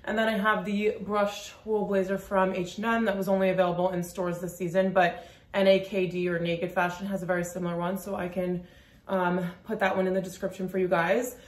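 A woman's voice: mid-range voice, level tone. Chatty woman vlogger in a roomy space. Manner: chatty, quick, lots of "like" fillers. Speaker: fashion vlogger. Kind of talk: casual outfit walkthrough to camera. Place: room at home during a work lunch break. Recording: roomy echo.

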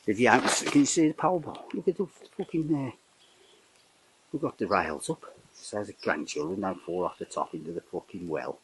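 A man's voice: on the low side, animated, a little fast, slight background noise, poor audio. An older man giving a rambling, casual commentary outdoors in his garden, swearing in nearly every sentence. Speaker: vlogger narrating home renovation.

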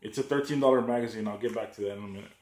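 A man's voice: on the low side, rapid-fire, darkish tone. Swearing, sarcastic man ranting. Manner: heated, sarcastic, swears a lot, mocks others in a raised voice. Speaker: gun channel vlogger. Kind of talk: profane ranting vlog. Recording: echoey room.

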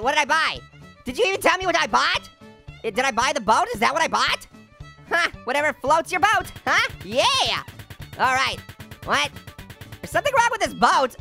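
A woman hosting a let's-play, excitable and jokey, punning and laughing as she plays. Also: sits high, moderate pace, creaky, soft background music. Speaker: gaming channel host. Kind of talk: energetic let's-play commentary.

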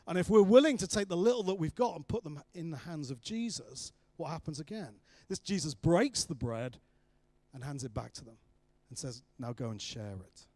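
Male preacher, slightly high voice, animated storyteller who acts out the voices, dry close sound. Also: moderate pace, dry recording. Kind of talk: sermon.

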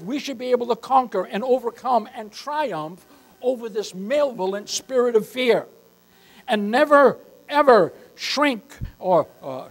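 A man's voice: extremely high pitch, rough recording. An older man preaching a sermon as pastor, emphatic and repeatedly calling his listeners beloved.

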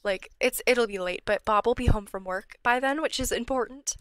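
A young woman hosting a gameplay channel gives chatty, casual let's-play commentary on a life-sim game, dropping to a whisper when she gets worried. Her voice is a little high and a bit bright, at normal speed, with a little hiss or hum in the background.

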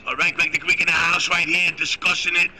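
Pumped guy yelling catchphrases, kinda high voice, crowd going behind him. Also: flat delivery, a little fast, rough recording. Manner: loud, repetitive, hyped slogans. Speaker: co-host. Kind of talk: hype-man chanting on a live stream.

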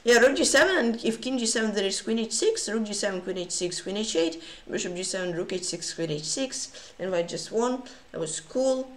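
An excitable woman chats through chess games on a live stream, often gasping and exclaiming. Her voice sits at an ordinary middle pitch and rings with a roomy echo. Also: normal speed, hardly any pauses. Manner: excitable, frequent gasps and exclamations. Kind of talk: casual livestream commentary.

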